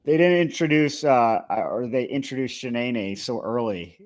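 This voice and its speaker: A man co-hosting a TV review podcast, recapping an episode in relaxed chat with plenty of fillers. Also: mid-range voice, normal speed. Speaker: podcast co-host. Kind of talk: casual chat.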